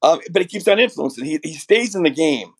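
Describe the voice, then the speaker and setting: A middle-aged man with a raspy voice from a chest cold, earnestly explaining theology as a podcast guest, restarting his sentences often. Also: on the high side, animated, a little fast. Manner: earnest, builds ideas with many restarts.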